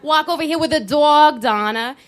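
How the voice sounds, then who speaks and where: A woman putting on a loud, pushy Italian soprano voice with a mock Italian accent. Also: high voice, moderate pace, voice pushed up, natural voice. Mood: bossy shouting. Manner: shouting, bossy.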